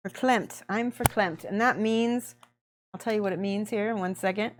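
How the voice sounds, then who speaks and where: A woman's voice: medium pitch, fairly even intonation, normal speed, a little hiss or hum. A middle-aged woman hosting a miniature painting livestream, chatting casually and laughing often as she greets viewers by name.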